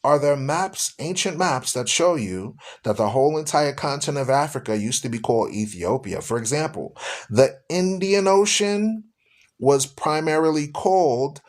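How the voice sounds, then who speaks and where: A man's voice: fairly high pitch, lively intonation, moderate pace. A man who hosts a radio show, preaching in an emphatic, rhetorical way and repeating his questions for effect. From United States. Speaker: radio show host and Bible teacher.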